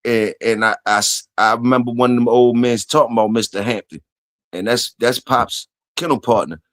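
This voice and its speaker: A man hosts a relaxed solo livestream and rambles through his chat. His talk is loose and full of profanity, and his voice sits at an average pitch. The sound is dry and close, with no room around it. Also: normal speed, dry recording. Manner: loose, profane, talks to chat and reads comments aloud. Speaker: livestream host.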